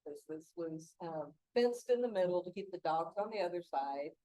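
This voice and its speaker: A woman's voice: lowish voice, lively intonation, moderate pace, mellow, dry recording. A middle-aged woman giving a casual gardening talk, chatty and laughing often between stories. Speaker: gardening instructor.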